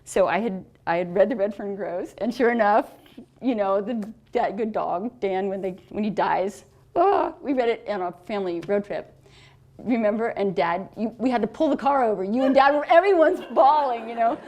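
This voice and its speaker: Middle-aged woman author, animated and chatty, quick to laugh. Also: mid-range voice. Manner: animated storyteller, laughs often. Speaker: author and adoptive mother. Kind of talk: casual talk answering questions.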